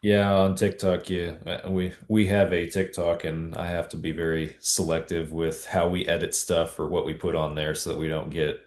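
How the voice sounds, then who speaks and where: A man's voice: deep voice, moderate pace, few pauses. A man hosting a podcast, easygoing and stumbling over his words as he wraps up. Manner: relaxed, repeats words, many restarts. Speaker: podcast host. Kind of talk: casual interview chat. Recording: echoey room.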